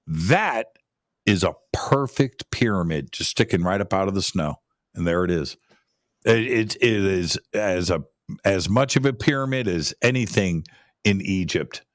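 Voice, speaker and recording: A man's voice: low voice, lively intonation, measured pace, dry recording, clean studio sound. A man talking casually about pyramids as a guest, rambling, repeating words and restarting his sentences. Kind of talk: casual conversational talk.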